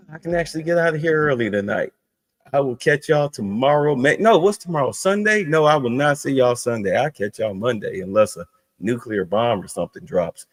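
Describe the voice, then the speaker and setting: A man's voice: a little high, a bit bright. A man hosting a casual live stream, reacting to a clip with heavy sarcasm and mocking hums. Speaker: streamer host.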